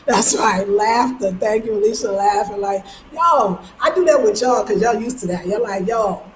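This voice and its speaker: A young woman with a New York accent hosts a casual livestream from home, reading comments aloud and laughing often. Her voice is medium-pitched at normal speed, and the room is echoey with faint noise.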